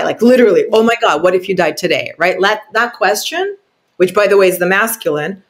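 A woman guest on an interview podcast, telling a heartfelt story with lots of expression, often checking in with "right?" and acting out quotes with big jumps in pitch. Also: expressive, fast.

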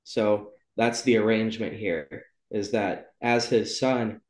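Hosting a laid-back book club podcast, this man speaks in a fairly low, darkish voice with a steady tone, a little slowly and with few pauses. His talk wanders, peppered with ums and corrections of himself, all in a roomy, echoing space.

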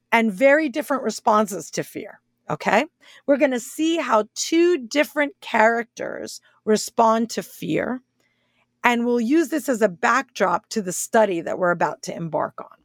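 A woman's voice: a little high, gravelly, no room sound, studio quality. A woman teaching a Bible study series, reading scripture aloud and explaining it with frequent check-ins to her listeners.

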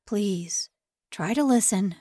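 A gruff North Korean man with a kind heart hidden under his harsh manner, as a woman reader puts him on. He barks short orders, set a little lower than the narration, slow and deliberate, in a dry, close storybook reading. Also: expressive, dark tone, no echo. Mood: apologetic.

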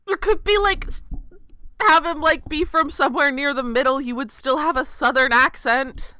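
A woman's voice: high voice, moderate pace, sharp tone, no room sound, studio quality. A woman co-hosting a podcast in casual chat, indignant and sarcastic, swearing freely. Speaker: podcast co-host.

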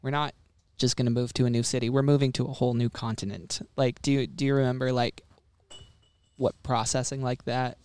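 A man's voice: mid-range voice, fairly even intonation, a little fast, a little mellow, smooth. A man from Canada co-hosting a casual podcast as an upbeat interviewer, recorded aboard a ferry. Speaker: podcast co-host. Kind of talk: casual chat.

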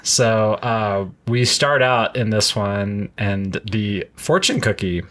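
A woman co-hosting a podcast in casual chat, with dry jokes and quick asides. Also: very deep voice. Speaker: podcast co-host.

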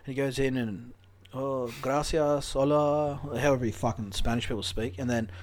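A man's voice: medium pitch, steady tone, fast, darkish tone. A man co-hosting a casual football chat, joking and swearing as he makes match predictions. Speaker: podcast co-host.

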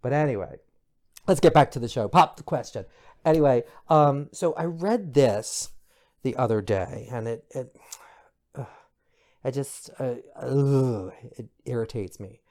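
A middle-aged man hosting a podcast, chatting in a gossipy, expressive way with bursts of high exclamation. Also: a little slow, pauses often. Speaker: podcast host. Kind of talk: casual pop culture commentary.

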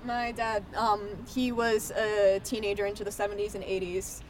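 A woman's voice: medium pitch, level tone, normal speed, slight background noise. A nineteen-year-old woman guesting on a podcast, talking with gushing enthusiasm and lots of "like". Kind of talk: casual podcast chat.

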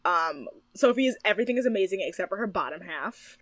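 A woman's voice: on the low side, animated, fast talker, fairly bright tone, no room sound. A woman co-hosting a podcast, chatting casually as she recaps a TV show, giggling often and acting out mocking impressions of the people she discusses. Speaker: podcast co-host.

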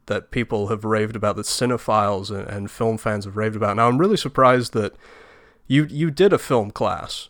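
A man's voice: fairly low pitch, expressive, moderate pace, no echo, clean studio sound. A man co-hosting a film review podcast, talking bluntly with a sarcastic edge. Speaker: podcast co-host. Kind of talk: casual film review chat.

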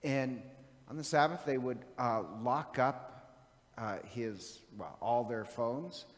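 A man's voice: medium pitch, slow pace, big-room sound. A man preaching a sermon in a chatty, joking storytelling manner.

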